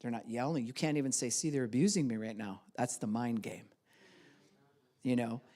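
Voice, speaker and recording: A woman's voice: moderate pace, warm tone. Woman pastor preaching with acted-out voices. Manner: acts out both sides of arguments with sudden high-pitched quoted voices; laughs often while preaching. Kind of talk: sermon.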